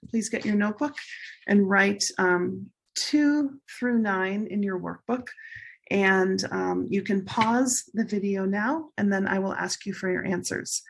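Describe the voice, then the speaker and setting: A woman teacher slowly and carefully drilling English pronunciation in a recorded lesson. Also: medium pitch, vocal fry, slightly rough. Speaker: ESL teacher.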